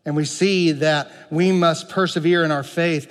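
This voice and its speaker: A male pastor preaching a sermon, moving between loud pleading and quiet, conversational asides. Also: on the high side, fairly even intonation, unhurried, clean tone, big-room sound.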